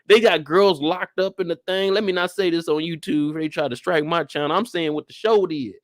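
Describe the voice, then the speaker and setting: A young man, hosting a casual live show recap and acting out the characters as he talks. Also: fairly high pitch. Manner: animated storytelling, acts out characters in quick voice switches.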